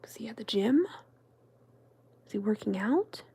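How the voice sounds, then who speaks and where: A nervous young woman thinks out loud in a soft, fretful whisper, as a woman plays her. The voice is slow and gravelly, with a dark, breathy tone. This is a whispered role-play told at a leisurely pace. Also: medium pitch, lively intonation, exaggerated voice. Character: hesitant young woman, nervous about a date.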